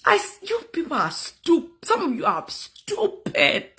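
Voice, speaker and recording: A woman's voice: very high voice, wildly swooping pitch, unhurried, few pauses, a bit bright. A woman streaming live as a content creator, scolding commenters in a heated rant and switching between English and another language. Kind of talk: angry livestream rant at commenters.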